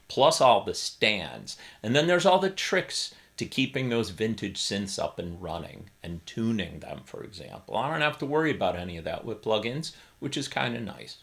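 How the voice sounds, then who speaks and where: Wry middle-aged man, lower voice. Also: lively intonation, normal speed, hardly any pauses, a bit bright. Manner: wry, self-deprecating humor. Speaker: keyboard YouTuber. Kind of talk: casual explanatory vlog. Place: small home studio in a bedroom.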